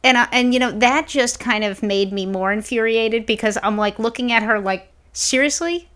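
A woman co-hosting a podcast, telling stories in a blunt, profane, animated way. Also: fairly high pitch, normal speed, clear, resonant tone. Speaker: podcast co-host. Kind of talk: casual podcast chat.

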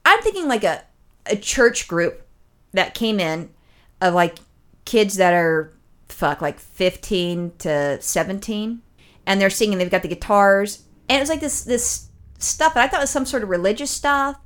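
Animated storytelling woman who swears. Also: medium pitch, unhurried. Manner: animated, swears freely, acts out quotes. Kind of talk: casual storytelling chat.

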